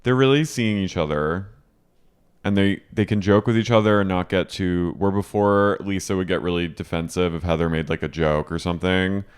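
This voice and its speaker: A man's voice: low voice, steady tone, moderate pace, clear, resonant tone. A man co-hosting a podcast, chatting casually and recapping a show with lots of fillers and quoted lines. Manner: chatty, with frequent fillers and quoting. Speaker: podcast co-host.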